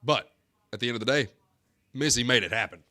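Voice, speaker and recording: Bright-voiced man hosting talk radio. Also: mid-range voice, a little fast. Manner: chatty storyteller, laughs easily. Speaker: sports talk radio host. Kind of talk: casual radio chat. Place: radio studio.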